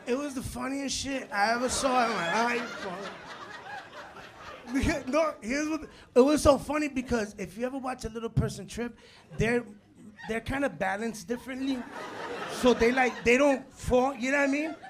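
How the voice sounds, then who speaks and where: A man doing a live stand-up set, telling stories with animated bursts of shouting and Spanish phrases mixed in. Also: extremely high pitch, moderate pace, background noise. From Latino background. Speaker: stand-up comedian. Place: comedy club stage. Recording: live club with loud crowd laughter. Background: audience laughter.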